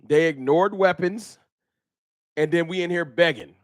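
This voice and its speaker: A man hosts a fan talk livestream, his voice a little high for a man and his pace a little slow. He's animated, slangy and emphatic, repeating points as he argues, and the sound is dry and close with almost no room echo.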